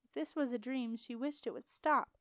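A woman reads a fantasy chapter aloud with steady expression, her voice fairly high and smooth. The recording is close and completely dry, with no room sound. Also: normal speed, dry recording. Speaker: audiobook narrator. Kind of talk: storybook narration.

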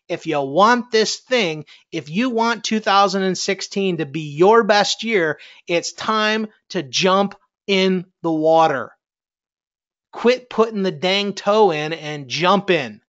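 A man's voice: high-pitched, a bit bright, muffled recording. A middle-aged man, a network marketing coach, giving a fiery, preachy motivational talk and challenging his listeners.

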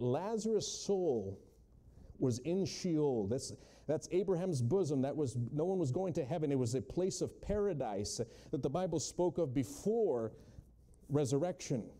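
A man preaching a sermon from the pulpit. His voice sits a little high for a man but has a deeply mellow, dark tone. He moves from hushed storytelling into loud, emphatic calls. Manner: testimony-driven, swings from hushed to loud emphatic quotes.

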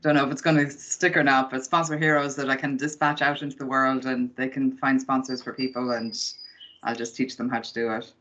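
An upbeat Irish woman explains her work as a guest in a relaxed interview, laughing easily. Her voice is bright and forward. The call audio is dull and lo-fi. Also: rumbling low, brisk. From Ireland. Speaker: business mentor, guest. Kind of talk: casual interview chat.

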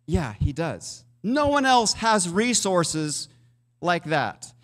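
Slow-paced, with big swings in pitch, this high-voiced pastor talks through his sermon like a conversation and asks the congregation questions. The church sanctuary leaves a long reverb tail on his voice.

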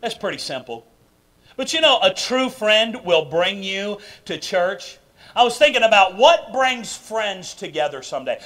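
A man preaching a sermon in a church sanctuary, emphatic and full of questions to the congregation, swinging between loud bursts and quiet asides. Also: high-pitched, expressive, moderate pace. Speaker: pastor. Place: church sanctuary during a live service.

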